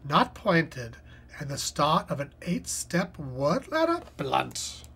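Stream host, unhurried, husky voice; chatty think-aloud delivery. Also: mid-range voice, huge pitch swings, fairly bright tone. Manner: chatty, thinks aloud, reads clues half to self with many fillers. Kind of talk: casual live-stream commentary while solving a crossword.

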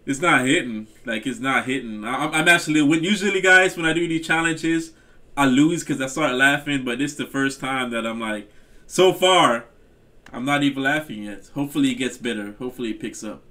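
A man's voice: mid-range voice, fairly quick, bright, forceful tone. A man hosting a reaction video, chatting casually to his viewers and often repeating himself.

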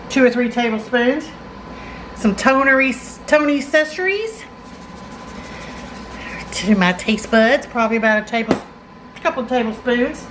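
Middle-aged Southern woman, cooking host, high and homey, easy chatty delivery, faint background hiss. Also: a bit bright, low-quality recording. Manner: folksy, chatty, says y'all. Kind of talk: casual cooking demonstration. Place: home kitchen.

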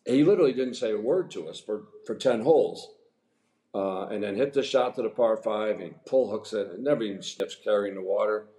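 A man in his sixties, a former pro golfer, telling rambling, animated anecdotes as a podcast guest. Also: fairly low pitch, a little fast. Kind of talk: casual storytelling interview. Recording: echoey room.

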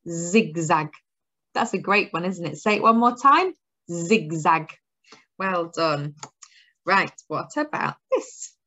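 A woman leads a phonics lesson for small children, stretching each word out slowly. Her voice sits a little low for a woman and lifts into a lively, encouraging sing-song. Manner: slow, sing-song, encouraging teacher talk with drawn-out words. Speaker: early years teacher.

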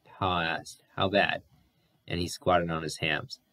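Deep-voiced man reading a novel aloud. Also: little pitch movement, unhurried, bright, forceful tone, no room sound. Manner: stumbles and corrects words while reading. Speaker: audiobook narrator.

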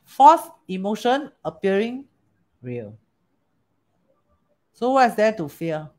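A woman with a Singaporean accent teaching a lesson, animated, often asking rhetorical questions and switching languages. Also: mid-range voice, slow. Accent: Singaporean English. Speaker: teacher of Chinese metaphysics. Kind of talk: storytelling lesson.

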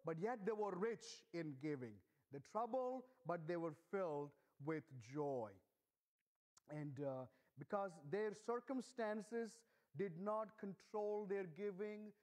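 A middle-aged man preaching a sermon in church, earnest and emphatic, speaking slowly and deliberately. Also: lively intonation, a little mellow. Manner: earnest, emphatic, stresses key words with rising pitch.

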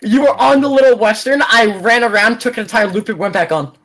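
A player in a casual gaming chat, excitable and often confused, asking others to repeat themselves. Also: mid-range voice, fairly quick.

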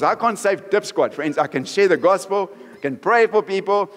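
A pastor delivers a sermon in a conversational, friendly way, keeping his voice a touch higher than most men. He keeps checking in with the congregation as he goes. The sound carries a long reverb from a church hall. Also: animated, normal speed.

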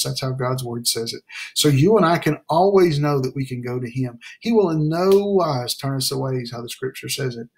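Middle-aged pastor, earnest Bible study preacher, slightly raised pitch, plain spoken with restarts. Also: male voice. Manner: earnest, slows down to stress key phrases.

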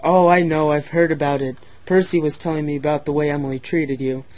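A man's voice: a little high, steady tone, fairly quick, a little mellow, natural voice, rough recording. A man voicing a kind older male steam engine who talks in a reassuring, rambling way.

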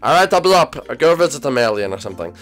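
Excitable young man, bouncing pitch. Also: quick pace, faint music behind. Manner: excitable, swings from loud shouts to mumbling. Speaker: YouTube host and role-player. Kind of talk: Minecraft role-play commentary.

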